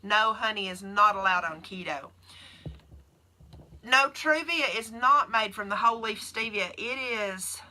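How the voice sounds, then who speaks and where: A woman's voice: medium pitch, animated, measured pace, sharp tone. A woman with a Southern US accent, chatting casually on a livestream and answering viewer questions as a keto nurse.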